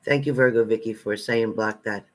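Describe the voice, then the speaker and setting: A man hosting a live stream as a spiritual reader, reading out viewer comments and answering them bluntly, swinging between loud outbursts and low muttered asides. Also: steady tone, normal speed. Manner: blunt and confrontational, talking back to commenters.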